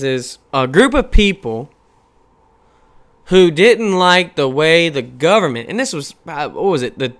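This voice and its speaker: A man's voice: high voice, smooth. A man in his thirties ranting on a casual podcast, swearing freely and firing off rhetorical questions. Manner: profane, animated, rhetorical questions. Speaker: podcast host. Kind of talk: casual rant.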